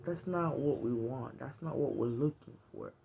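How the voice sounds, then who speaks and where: Gravelly, earnest woman vlogging. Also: extremely low pitch, moderate pace, warm tone, muffled recording, slight background noise. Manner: earnest, conversational, emphatic. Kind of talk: casual heartfelt monologue to camera.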